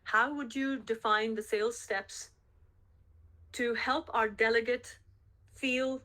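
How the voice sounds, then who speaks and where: A woman's voice: a little high, fairly even intonation, slow pace, sharp tone. Emphatic woman coaching a sales team. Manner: emphatic, repeats key phrases, checks in with the team. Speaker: sales coach leading a group call. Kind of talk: coaching session on a group call.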